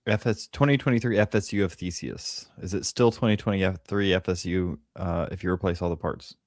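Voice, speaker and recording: A man on a sports podcast panel, giving rambling, animated analysis full of "like"s. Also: sits low, fairly quick, no echo, clean studio sound. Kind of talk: casual roundtable chat.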